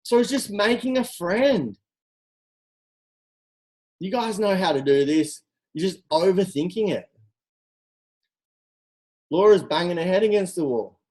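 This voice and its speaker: Energetic motivational coach. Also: medium pitch, a little slow, long pauses, low-quality recording. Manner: energetic, direct, full of rhetorical questions. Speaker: team coach. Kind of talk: motivational talk on a group call.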